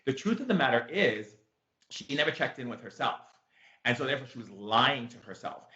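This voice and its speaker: A man teaching through a story, animated and emphatic, repeating himself and leaning on fillers. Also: medium pitch, brisk. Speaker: spiritual teacher, show host. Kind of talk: storytelling lesson. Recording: echoey room, dull sound.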